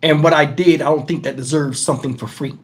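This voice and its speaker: On a live stream, a middle-aged host answers his chat in casual talk, blunt and profane, and he sounds shaken. He talks fast, with a fairly high voice held at a steady tone.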